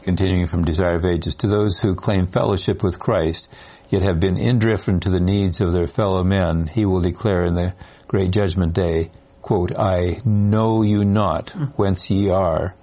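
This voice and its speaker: A man in a Bible study class reading a passage aloud in a measured way and answering questions. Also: deep voice, steady tone, mellow.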